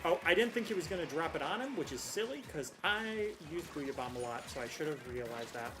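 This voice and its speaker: A woman's voice: low-pitched, brisk, background noise. Chatty young woman streaming a game. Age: young adult. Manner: chatty, rambling, restarts, excited outbursts. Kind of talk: casual gameplay commentary.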